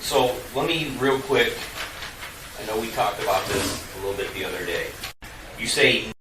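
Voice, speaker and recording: A man's voice: lowish voice, normal speed. A man working as a detective, asking short, pointed questions during an interview. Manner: brief acknowledgements and pointed questions. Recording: echoey room from a distance, faint noise.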